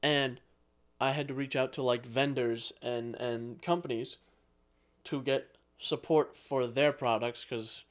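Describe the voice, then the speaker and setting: A man's voice: mid-range voice, steady tone, slow pace. A young man co-hosting a podcast, chatting casually with dry, blunt remarks. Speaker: podcast co-host. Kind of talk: casual chat.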